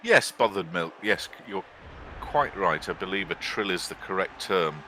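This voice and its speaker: Man, very low and bright, casual joking game commentary, faint hiss behind. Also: moderate pace. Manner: chatty, joking and teasing.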